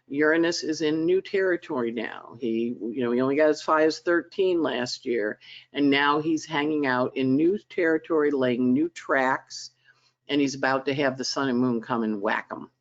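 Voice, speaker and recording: A woman's voice: very deep voice, normal speed, dull audio. A woman hosting a weekly astrology forecast in a chatty, dramatic way over a conference call. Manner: animated, chatty, dramatic emphasis. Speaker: astrologer host. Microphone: conference call line.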